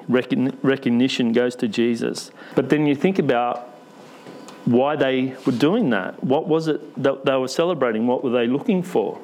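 A man's voice: medium pitch, normal speed, darkish tone, rough recording. A man preaching a conversational sermon in church, asking the congregation questions with light humour.

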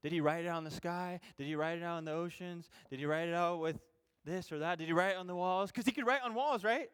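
A man preaching a sermon as a youth pastor. He is animated and informal, swinging between loud emphasis and quiet, self-deprecating asides. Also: high-pitched, fast talker, clean tone.

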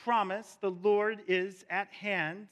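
A male pastor preaching a sermon in a church, slow and emphatic, repeating key words for weight. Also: sits high, fairly even intonation, a bit bright, muffled recording. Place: church sanctuary with a screen. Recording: long reverb of a large hall.

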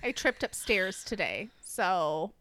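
A woman's voice: mid-range voice, sing-song, slow, fairly bright tone. A woman co-hosting a podcast, chatting casually and rambling through her stories. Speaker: podcast co-host. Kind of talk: casual chat.

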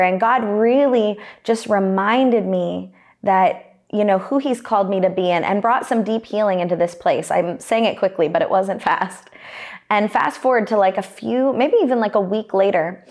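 A young adult woman preaching a sermon in an earnest, personal way, telling stories from her own life and often restarting her phrases. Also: medium pitch.

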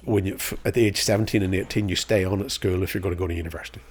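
A middle-aged man from Northern Ireland, a podcast guest who tells lively stories and acts out both sides of old conversations. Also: sits low, very fast, slight background noise. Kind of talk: casual storytelling interview.

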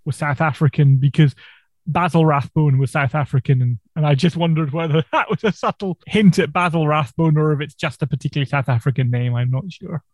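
Higher-voiced man, dry close sound. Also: dry recording. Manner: measured, inquisitive. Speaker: podcast co-host. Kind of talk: casual chat.

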